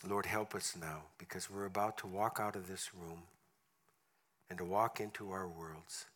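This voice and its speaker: A man preaching a story-driven sermon in a church service, earnest, and softening into a quiet prayer. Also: low-pitched, fairly even intonation, moderate pace. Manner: earnest, with soft drops in prayer. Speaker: guest preacher.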